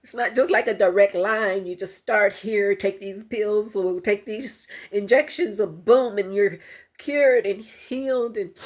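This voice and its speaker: An older woman speaks to her viewers in a slow, unhurried voice with a husky, breathy edge. Her delivery is halting and heartfelt, full of pauses, in the manner of a personal vlog. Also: mid-range voice. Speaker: vlogger. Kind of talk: emotional personal testimony to camera.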